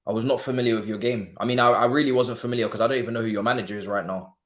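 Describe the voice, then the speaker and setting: A man's voice: mid-range voice, fairly even intonation, very fast. A young man streaming a live football watchalong, talking in slangy, exclamatory bursts and muttering asides to himself.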